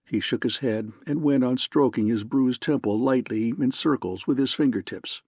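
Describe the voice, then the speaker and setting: A male narrator reads a novel aloud in measured, scripted storytelling. His voice is gravelly at a middle pitch, and the recording is close and dry. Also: a little mellow, no echo. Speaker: audiobook narrator.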